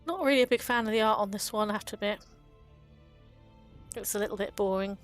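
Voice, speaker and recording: A woman chatting her way through a card game's artwork in a relaxed, meandering commentary. She often pauses on ums and lets small laughs slip in as she shares her fondness for the cards. Her voice sits at an ordinary pitch for a woman, with faint music playing behind her. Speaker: card game video host. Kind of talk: casual commentary on card art.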